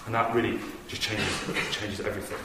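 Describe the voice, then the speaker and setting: A man's voice: fairly low pitch, little pitch movement, a little fast. A man giving an earnest, conversational sermon in a church hall, telling stories with animation. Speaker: preacher. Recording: echoey hall from far off with noise.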